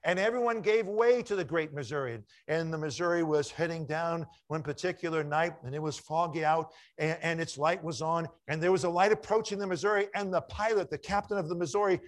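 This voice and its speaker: A middle-aged man preaching a sermon, telling stories and swinging from loud acted lines to quiet asides. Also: on the high side, a little fast, hardly any pauses. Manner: lively storyteller, shifts from loud acted quotes to hushed asides.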